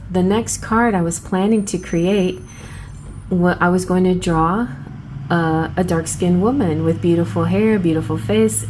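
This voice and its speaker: Chatty, excitable woman with a mellow voice. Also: fairly low pitch, a little hiss or hum. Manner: chatty and excitable, thinks aloud with restarts. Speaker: tarot channel host. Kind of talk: casual card flip-through review.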